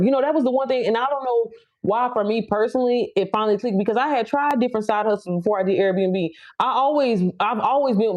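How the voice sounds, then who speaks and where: Young woman going off on a live stream, quick and cussing, mellow tone, kinda muffled phone audio. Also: mid-range voice. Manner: blunt, profane, hype-up preaching. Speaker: live stream host, business coach. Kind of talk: casual motivational live chat.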